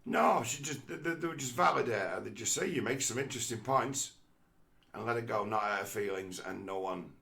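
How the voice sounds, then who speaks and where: A man hosting a podcast, talking through his views in an animated, mocking way, with frequent fillers. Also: fairly low pitch, brisk, vocal fry, hardly any pauses. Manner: animated, mocking quoted voices, many fillers. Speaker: podcast host. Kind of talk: casual commentary.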